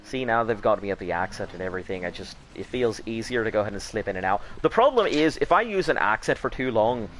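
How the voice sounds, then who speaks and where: A man's voice: on the low side, expressive, quick pace, few pauses, fairly bright tone, a little hiss or hum. A young man hosting a gaming video, chatting casually and rambling while he plays, often restarting and repeating words. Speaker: gaming channel host. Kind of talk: casual chat while playing a game.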